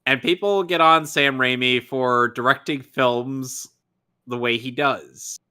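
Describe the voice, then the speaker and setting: Bright-voiced man asking questions on a podcast. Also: medium pitch, steady tone, smooth. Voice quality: halting, asks his co-hosts questions. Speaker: podcast co-host. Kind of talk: casual movie chat.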